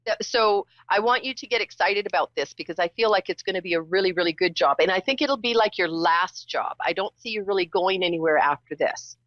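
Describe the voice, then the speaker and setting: A woman's voice: fairly low pitch, brisk, hardly any pauses, a bit bright, dry recording, dull audio. A woman hosting a call-in psychic show, talking in a chatty, teasing way with emphatic repetitions. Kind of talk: live call-in psychic reading.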